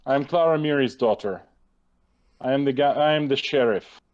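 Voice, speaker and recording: A man's voice: mid-range voice, moderate pace, darkish tone, dull audio, slight background noise, lightly acted. A man voicing a towering, blunt female warrior sheriff in a tabletop game. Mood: gruff. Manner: terse, gruff.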